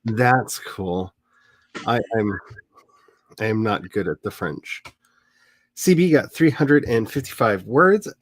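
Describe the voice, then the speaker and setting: During a writing sprint stream, a male host chats casually, rambling and poking fun at himself with plenty of jokes and asides. He speaks slowly and expressively in a fairly low voice, pausing often, and the studio sound is clean with no echo.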